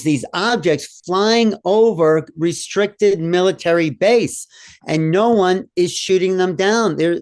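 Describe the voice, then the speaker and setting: A man's voice: fairly high pitch, a little mellow. A man co-hosting a talk show, answering a viewer question in a conversational, opinionated way as he thinks aloud. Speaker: co-host. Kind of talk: live talk show commentary.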